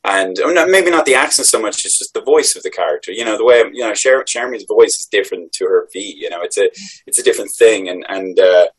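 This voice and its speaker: A man's voice: lowish voice, expressive, quick pace, hardly any pauses, husky, poor audio. An Irish man, a voice actor, answering interview questions in a reflective, rambling way with many restarts. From Ireland. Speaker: voice actor guest.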